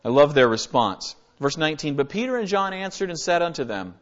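A man's voice: fairly high pitch, sing-song, brisk, muffled recording. A man giving an earnest, conversational Bible study sermon, reading verses aloud and explaining them. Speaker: Bible teacher.

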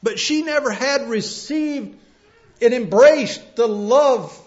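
Male preacher, middle-aged, slow and deliberate delivery, loud emphatic peaks and quiet lows. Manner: swings from loud emphatic cries to soft quiet words. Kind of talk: sermon. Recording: dull lo-fi sermon recording.

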